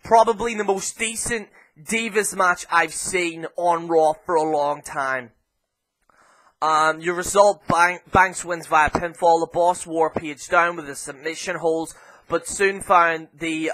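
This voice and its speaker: An Irish man reviewing a wrestling show in a heated, foul-mouthed rant that flares into shouting. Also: on the high side, poor audio. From Ireland. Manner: heavy swearing, heated ranting.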